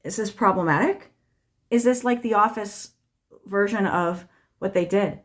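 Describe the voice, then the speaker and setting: Woman, tarot channel host, rambling monologue, profane and wry, mid-pitched voice. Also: unhurried. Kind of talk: casual stream-of-consciousness monologue. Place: indoors at home, walks between rooms.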